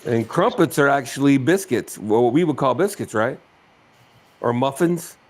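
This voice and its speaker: A man in a casual live-stream chat, joking and swearing freely and teasing the others with quick questions. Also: mid-range voice, lively intonation.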